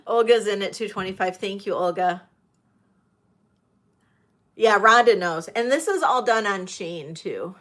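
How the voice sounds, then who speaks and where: A woman hosting a livestreamed vintage jewelry auction, chatting to viewers and gushing excitedly over the pieces. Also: mid-range voice, takes it slowly, pauses often. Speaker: host of a live jewelry sale. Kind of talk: live auction chat.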